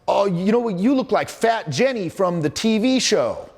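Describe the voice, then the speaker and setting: Man putting on a tactless young guy, loud, high-pitched and blurting. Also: lively intonation, moderate pace, vocal fry, exaggerated voice. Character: brash young male student blurting insults.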